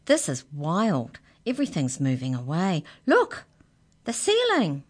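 A woman's voice: sits high, big pitch swings, moderate pace, a bit bright, voice pushed up. A woman voicing a frightened young boy in a children's storybook reading. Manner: anxious, wide-eyed.

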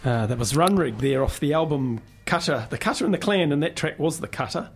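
A man's voice: on the high side, expressive, fairly quick, faint music behind. A man co-hosting a community radio show, chatting casually, joking and laughing easily with uncertain asides. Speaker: radio co-host.

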